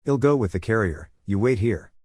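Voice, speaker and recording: Brief: male narrator reading a sensible, bossy schoolgirl, plain low voice, dry. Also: lively intonation, normal speed, darkish tone, husky, dry recording. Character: young schoolgirl, level-headed and bossy. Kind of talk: recap narration reading a figure's lines.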